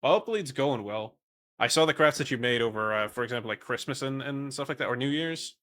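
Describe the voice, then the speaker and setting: A man's voice: mid-range voice, expressive, fast, a bit bright. A young man from the Netherlands with a Dutch accent, chatting casually on a stream and rambling while reading chat. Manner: rambling, swears casually, reads chat aloud.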